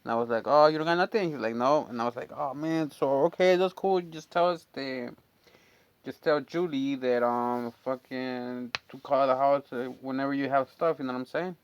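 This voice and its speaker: A man's voice: mid-range voice, moderate pace, clean tone, muffled recording. A man telling a long, rambling, profane story from his neighborhood in a casual chat, full of fillers. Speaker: storyteller and channel host.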